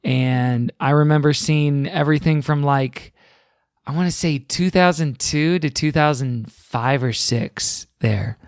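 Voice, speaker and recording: Studio-quality and dry, the recording features a thirtysomething man from Houston's suburbs in Texas who hosts a podcast. In casual chat he tells wandering tales that double back and get corrected along the way, speaking smoothly, a bit slowly, in a slightly high voice.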